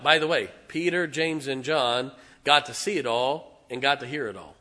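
A male pastor preaching a sermon, telling stories with emphatic, excitable delivery and calling out to his congregation. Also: medium pitch, moderate pace. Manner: emphatic storytelling with audience call-outs.

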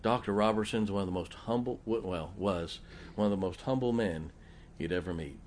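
A man's voice: low-pitched, moderate pace, darkish tone, slight background noise. A middle-aged man preaching a sermon, telling folksy personal stories and putting rhetorical questions to the congregation.

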